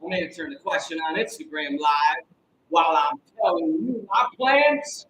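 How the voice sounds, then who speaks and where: An American man hosting a live-streamed Christian show, greeting viewers by name and preaching with energetic exclamations. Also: fairly high pitch, moderate pace. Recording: echoey room with faint noise.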